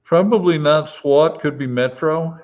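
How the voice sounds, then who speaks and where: Slow-talking man, lo-fi stream audio. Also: on the high side. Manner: slow, halting anecdote with many fillers. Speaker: retired police officer, co-host. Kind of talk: casual storytelling on a live stream.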